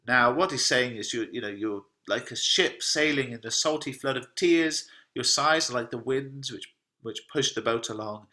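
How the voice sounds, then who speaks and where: A man teaches a literature lesson, turning old verse into everyday talk. His voice is bright and forward, and his tone stays casual and explanatory. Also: mid-range voice, normal speed. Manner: chatty, plain paraphrasing.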